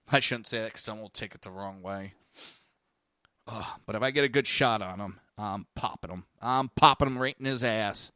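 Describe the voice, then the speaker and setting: A man's voice: fairly low pitch, pushed and bright, no echo, clean studio sound. A man hosting a podcast, telling a blunt, profane story in a casual monologue. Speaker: podcast host. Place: lives in Florida.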